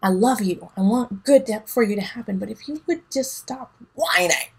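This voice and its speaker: A woman's voice: on the high side, normal speed, creaky, breathy edge, low-quality recording. A woman giving a casual tarot reading, emphatic and teasing, laughing often, with a son at home. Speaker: tarot reader.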